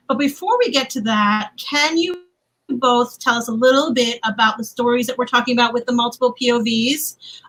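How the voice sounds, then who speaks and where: A woman's voice: a little high, pushed and bright, low-quality recording. A woman moderating a casual livestream panel, chatty and playful, laughing often, on a video call from home.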